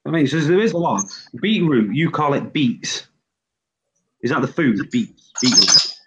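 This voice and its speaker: A man's voice: mid-range voice, expressive, unhurried, pushed and bright, rough recording. A British man hosting a casual group chat, reading out lists of word pairs. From Britain. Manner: reads out lists of word pairs, laughs often.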